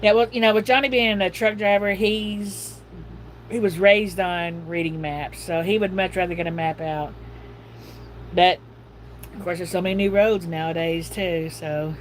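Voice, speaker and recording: A woman's voice: fairly low pitch, fairly even intonation, moderate pace, a little hiss or hum, rough recording. Chatty folksy middle-aged woman. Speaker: livestream host. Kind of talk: casual livestream chat.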